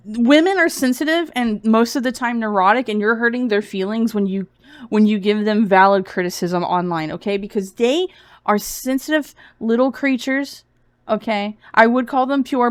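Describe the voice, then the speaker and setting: A woman's voice: medium pitch, no echo. Sarcastic giggly woman streamer. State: feverish. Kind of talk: casual sarcastic commentary stream.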